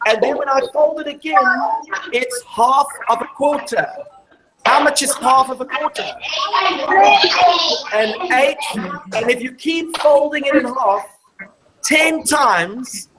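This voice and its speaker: A woman with a fairly high voice leads a lively maths lesson in a classroom, walking the children through each step and pausing to quiz them. The recording carries clear background noise and clicks. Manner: explains step by step, quizzing the class. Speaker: maths show presenter. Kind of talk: live maths show for schoolchildren.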